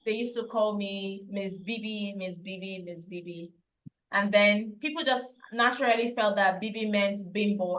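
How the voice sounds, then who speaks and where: Woman, speaking coach, fairly high, bright tone, firm drilling delivery. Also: low-quality recording. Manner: emphatic, repeats key phrases for drill. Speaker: speech and pronunciation teacher. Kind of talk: instructional lesson.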